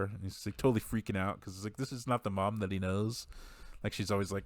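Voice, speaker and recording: A man's voice: lowish voice, steady tone, brisk, dry recording, clean studio sound. A man on a podcast mic, casually recapping a movie in a rambling way, laughing and acting out the quotes. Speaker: podcast co-host.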